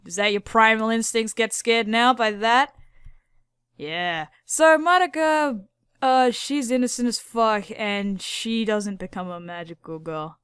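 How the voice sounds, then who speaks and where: A woman hosting a casual video, rambling excitedly about anime characters, swearing a lot and using many fillers. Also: fairly high pitch, unhurried, clear, resonant tone, no echo, studio quality. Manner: filler-heavy. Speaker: video host.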